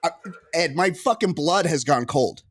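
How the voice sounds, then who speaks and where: A man co-hosting a casual sports podcast, excitable and profane, riffing and joking. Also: on the high side, a little slow. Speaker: podcast co-host. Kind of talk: casual chat.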